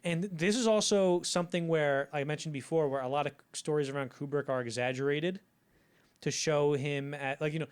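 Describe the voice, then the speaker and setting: Fairly high in pitch, his clean-toned voice moves fairly quickly. Co-hosting a laid-back podcast on film history, this young man wanders through stories and performs the characters' lines in their own voices.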